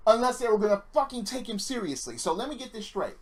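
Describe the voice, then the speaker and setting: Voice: medium pitch, big pitch swings, quick pace, few pauses. A wrestling predictions vlogger delivering an angry, sarcastic rant full of swearing. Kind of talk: profane opinion rant.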